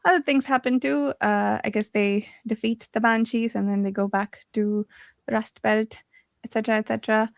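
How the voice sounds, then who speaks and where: A woman leads a relaxed book club chat in a slightly high voice. She laughs often and keeps correcting herself mid-sentence. The recording is dry, with no room sound. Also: moderate pace, gravelly, no echo. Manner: chatty, laughs often, frequent self-corrections. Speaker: book club discussion leader. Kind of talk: casual book discussion.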